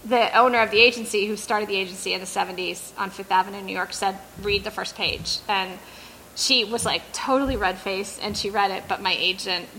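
A woman talks frankly and chattily to a bookstore audience about her first novel. Her voice is bright and crisp, at a mid pitch. She fills her speech with "like" and "you know". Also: a little fast, slight background noise, poor audio. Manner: chatty, frank, with many fillers. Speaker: debut novelist. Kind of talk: candid talk at a book event. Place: bookstore event before an audience.

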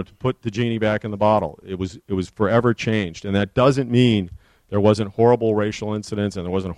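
Author at a book talk: lowish male voice, dry recording, earnest narrator of history. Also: a little mellow, no echo.

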